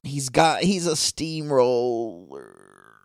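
A man's voice: medium pitch, big pitch swings, very slow, no echo. Wry laid-back man, dry sound. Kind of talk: casual reality-TV recap chat.

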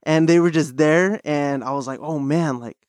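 A man's voice: a little high, normal speed, clear, resonant tone, dry recording, studio quality. Upbeat young man telling stories. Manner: animated storytelling, full of fillers and restarts. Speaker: podcast host. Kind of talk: casual chat.

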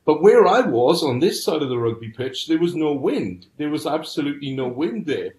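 A man's voice: a little high, very animated, moderate pace, darkish tone. A middle-aged man earnestly telling his personal story as a podcast guest. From United Kingdom. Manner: earnest storytelling, frequent restarts. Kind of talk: personal testimony. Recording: roomy echo.

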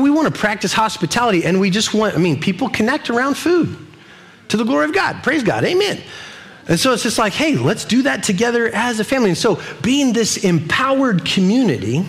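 Animated, high-voiced preaching man. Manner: animated, jokey, acts out little voices. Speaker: pastor. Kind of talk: sermon. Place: church service with a live audience.

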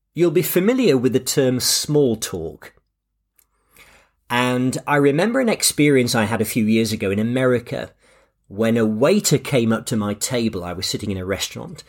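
Husky-voiced man hosting a podcast. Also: medium pitch. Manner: relaxed, anecdotal, self-deprecating. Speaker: podcast host. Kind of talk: scripted podcast narration.

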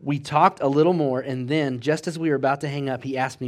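A man preaching a sermon, telling a story with lively acted-out quotes and swinging between loud bursts and hushed passages. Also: medium pitch, quick pace, hardly any pauses.

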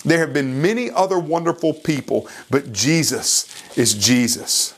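A man preaching a sermon who retells a story in an earnest, pleading way and speaks slowly and deliberately. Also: a little high, animated.

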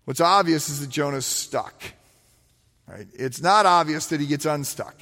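A man giving a sermon, retelling a scripture story in a conversational, animated way with rhetorical asides. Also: fairly high pitch, a little slow. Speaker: pastor. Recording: long hall reverb.

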